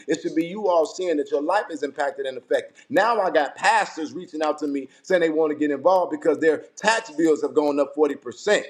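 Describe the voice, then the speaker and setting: Man, angry political rant, swears a lot, repeats lines to drive points home. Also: a little high. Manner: heated, profane, repeats himself for emphasis. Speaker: political commentator.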